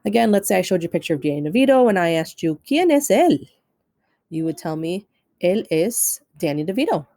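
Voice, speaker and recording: Female teacher, lowish mellow voice, patient step-by-step video lesson delivery. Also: lively intonation, fast, dry recording, rough recording. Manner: step-by-step instructional, repeats keyboard steps. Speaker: Spanish teacher. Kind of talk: recorded screen-share lesson.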